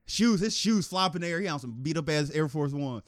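Man, podcast co-host, animated storytelling, lively up-and-down pitch, slightly high voice, dry close mic. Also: fairly quick, no echo. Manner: animated, laughing, acts out quotes in a higher voice. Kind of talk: casual storytelling chat.

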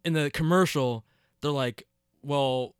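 A young man co-hosting a casual podcast chat, opinionated and animated, swearing and laughing often. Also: fairly high pitch, slow pace, clear, resonant tone, no room sound, studio quality. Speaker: podcast co-host. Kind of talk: casual chat about superhero movies.

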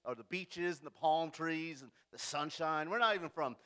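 Man in his forties from central California, slightly higher voice, folksy church introduction full of jokes and amens. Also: normal speed, bright, forceful tone. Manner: folksy, joking, asks for amens. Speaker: youth and discipleship director.

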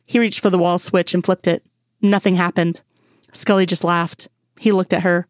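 Low-voiced woman reading a story. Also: level tone, normal speed, no echo, clean studio sound. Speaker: audiobook reader. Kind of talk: scripted narration of fan fiction.

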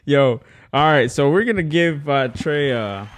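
A man's voice: on the high side, animated, measured pace, a crowd in the background. Casting: male podcast host, casual, hesitant, lots of fillers. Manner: hesitant, many fillers and restarts. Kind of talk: casual chat.

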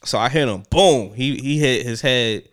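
A man recounting a story with lively energy, slipping into the voices of the people in it. His voice is smooth and resonant, sitting at an ordinary middle pitch. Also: normal speed. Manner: animated, acts out voices in quoted lines, laughs often. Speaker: storyteller in a podcast chat. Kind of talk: casual storytelling.

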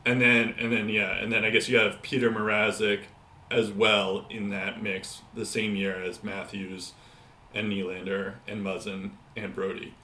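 Male podcast co-host, chatty and halting, sharp lowish voice, roomy echo. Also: little pitch movement. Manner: rambling, many fillers and restarts, laughs often. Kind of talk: casual hockey podcast chat.

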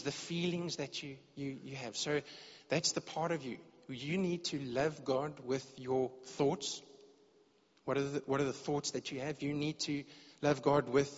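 An earnest male preacher delivers a sermon to his congregation, sometimes stumbling over and repeating words as he feels his way forward. His voice sits a little high for a man. The recording is dull and lo-fi, with a long reverb trailing off the walls of the church hall. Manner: earnest, repeats words when searching for phrasing.

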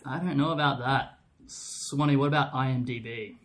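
A man's voice: medium pitch, steady tone, moderate pace, slight background noise. A man hosting a casual film podcast, joking dryly and steering the talk. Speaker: podcast host. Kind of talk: casual chat.

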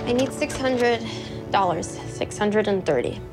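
A young actress playing a flustered, pregnant granddaughter with an exasperated manner, in a film trailer. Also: female voice, medium pitch, animated, a little slow. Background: music.

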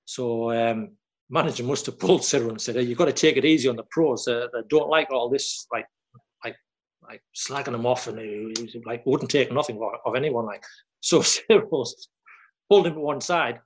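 A man, a former footballer who tells stories haltingly, repeating words and quoting others. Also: mid-range voice. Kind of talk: casual storytelling chat.

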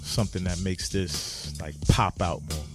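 Low-ish voiced dude, unsure and easygoing, co-hosting a beat podcast, light music under. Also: male voice, fairly even intonation, measured pace. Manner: hesitant, easygoing, laughs often. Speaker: podcast co-host reviewing beats. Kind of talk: casual chat.

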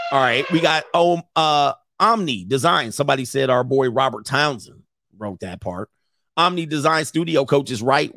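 A man's voice: mid-range voice, a bit bright, no echo, clean studio sound. A man in his forties, a relationship coach chatting casually on a livestream, joking and rambling and laughing often. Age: 40s.

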